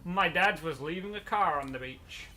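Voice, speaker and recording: A let's play host chats casually while gaming, rambling through stories and laughing often. His voice is fairly high, pushed and bright, at a normal speed.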